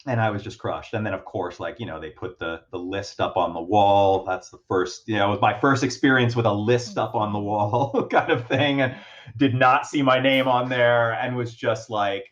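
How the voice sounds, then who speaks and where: A man's voice: lowish voice, fairly even intonation, normal speed, lo-fi sound. A man speaking as a guest in a casual interview. He tells a story at length, with many fillers and restarts, and laughs often. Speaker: guest actor.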